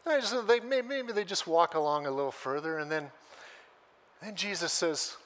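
A man preaching a sermon as a pastor, telling a story with lively energy and acting out the voices he quotes. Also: sits high, moderate pace.

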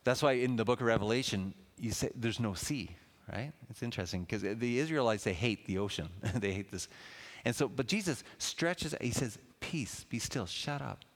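A man preaching a sermon in a lively, conversational way, with asides to the congregation. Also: mid-range voice, moderate pace. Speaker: pastor. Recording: long hall reverb.

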